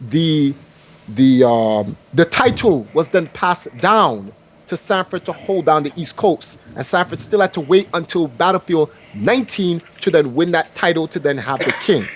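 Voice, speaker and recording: Animated New man with husky voice. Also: a little high, a little slow. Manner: rambling, repeats himself, theatrical mock-medieval phrasing. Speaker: podcast co-host. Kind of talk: heated casual panel chat.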